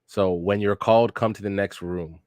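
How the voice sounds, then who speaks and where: A stern but caring ninja teacher from a manga, read by a man in his own voice. His lines are spoken plainly and low-pitched, without any real character voice. The sound is close and dry. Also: fairly even intonation, normal speed, a little mellow, no echo, natural voice. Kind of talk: casual manga read-aloud.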